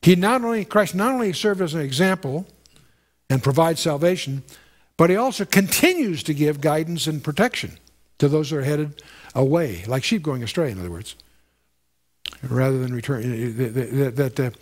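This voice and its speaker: A man's voice: a little high, lively intonation, moderate pace. A man giving a conversational, verse-by-verse Bible teaching, stressing points and repeating phrases, lifting his voice when reading scripture.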